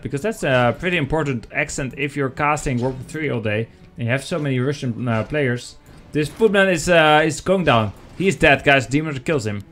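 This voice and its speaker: A man casting a strategy game match live, chatty and excitable, talking to viewers as guys. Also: medium pitch. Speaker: esports caster.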